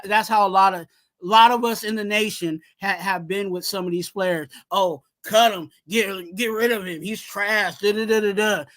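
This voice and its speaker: Bright-voiced man ranting on a sports podcast. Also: sits high. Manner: animated, heavy use of "you know what I'm saying"; breaks into shouted rants. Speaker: podcast host. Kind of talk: casual sports podcast chat.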